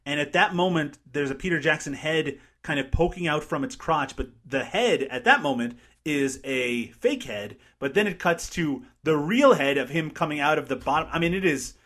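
A man's voice: fairly high pitch, normal speed, hardly any pauses, a bit bright. A man co-hosting a casual movie podcast, recapping scenes and laughing often. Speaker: podcast co-host. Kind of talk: casual movie-review chat.

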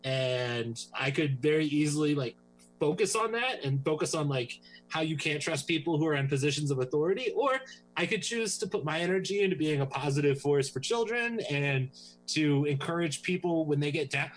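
A man's voice: a little high, animated, moderate pace, faint music behind, low-quality recording. A man hosting a comedy podcast in casual chat, swinging between joking and earnest. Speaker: podcast host.

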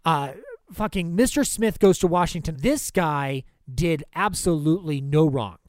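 A man hosting a film podcast in casual chat, swearing freely, excitable, and acting out movie lines as he retells scenes. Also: fairly high pitch, measured pace, no echo, clean studio sound. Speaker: podcast host.

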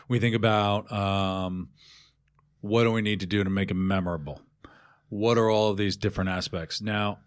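A man hosting a podcast, who recaps what the guest said and prompts him with questions. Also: on the low side. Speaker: podcast host. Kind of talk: conversational interview.

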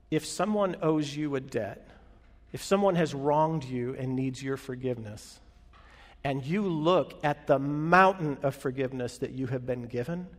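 A man preaching a sermon as pastor, talking conversationally and asking the room questions, swelling and dropping his loudness for emphasis. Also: on the high side. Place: large hall with an audience. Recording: long hall reverb.

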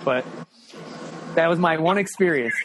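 Man, high voice, casual storytelling, swears a lot, laughs through it, faint hiss behind. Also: a little slow. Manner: animated, profane, laughs often, acts out the people in his story.

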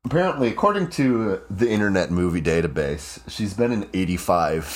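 A man co-hosting a casual comedic chat, wry and quick to steer the talk back on track. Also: deep voice, expressive. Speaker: podcast co-host.

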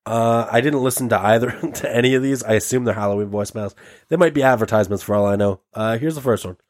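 A man's voice: mid-range voice, fast. A man from Canada hosting a podcast, joking loosely and swearing freely in casual banter. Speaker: podcast host.

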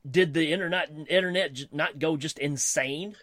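A man's voice: a little high, moderate pace, a bit bright, no room sound, clean studio sound. A man talking enthusiastically in a casual conversation, laughing easily. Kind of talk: casual fan chat.

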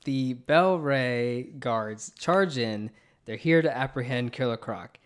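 A man's voice: medium pitch, lively intonation, takes it slowly, smooth. A man hosting a podcast in casual chat, upbeat and laughing often, with frequent fillers. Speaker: podcast host.

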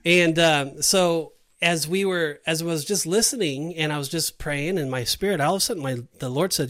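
A man's voice: on the high side, moderate pace, few pauses. A middle-aged man on a podcast, telling a story in casual chat and acting out the dialogue. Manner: animated storyteller, acts out dialogue. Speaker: podcast co-host.

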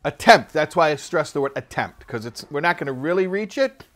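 A man leads a classroom lesson on a religious text, talking in an animated, lively way. His voice sits a bit higher than most men's. He stops and restarts often, and he slips into quick acted-out voices to make his points. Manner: animated, acts out quoted people, many restarts. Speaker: Torah teacher.

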